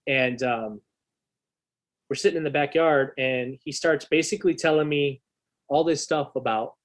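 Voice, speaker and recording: A man guest on a podcast, a bass player, telling a story in a loose, profane, animated way with lots of fillers. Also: normal speed. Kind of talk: casual storytelling chat.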